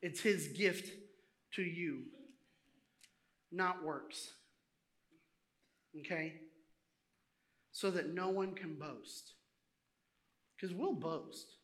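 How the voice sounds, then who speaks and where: A man preaching a sermon in a lively, conversational way, acting out little asides to the congregation. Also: on the high side, drawn-out words, long pauses. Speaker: pastor.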